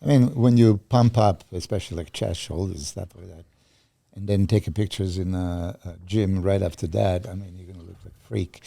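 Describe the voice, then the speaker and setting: A middle-aged man guesting on a podcast, pressing his points emphatically with frequent restarts. His voice is low and dark, recorded dry and close. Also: fairly even intonation, fairly quick, vocal fry, dry recording. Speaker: podcast guest, former pro bodybuilder. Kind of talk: casual podcast chat.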